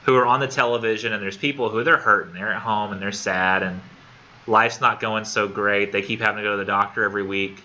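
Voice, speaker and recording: A man teaching a college English class in a casual, animated lecture with many fillers. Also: lowish voice, brisk, dull audio, a little hiss or hum.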